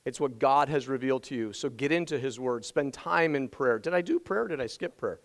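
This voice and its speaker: A man preaching a sermon as pastor, energetic and emphatic, repeating his key phrases, his voice strained from yelling the day before. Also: mid-range voice, a little fast, poor audio.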